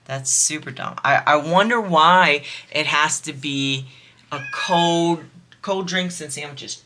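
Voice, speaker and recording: A woman's voice: low-pitched, slow, bright, forceful tone. A woman vlogger chatting casually while she crafts, amused and laughing often.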